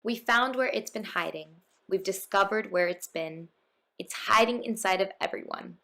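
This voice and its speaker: Storyteller: woman, mid-pitched, gravelly tone, rhythmic rhyming narration. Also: moderate pace, fairly bright tone. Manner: lilting, rhythmic reading.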